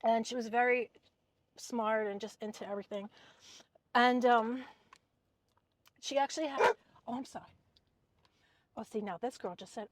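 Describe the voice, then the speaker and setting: Animated woman telling a storytime in a car. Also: on the high side, moderate pace, long pauses. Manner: animated, acts out quoted people. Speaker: vlogger. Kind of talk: casual storytime chat.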